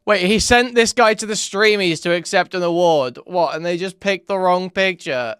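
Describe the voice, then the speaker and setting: A man's voice: high-pitched, moderate pace, a bit bright, clear, resonant tone, no room sound. A man streaming and reacting to clips, mocking them with casual swearing and frequent laughter.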